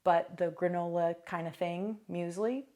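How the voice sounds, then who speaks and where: A woman's voice: on the low side, normal speed, a little mellow. A young woman talking casually to the camera in her vlog, chatty and full of asides. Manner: chatty, many fillers and asides. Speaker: vlogger. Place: new apartment.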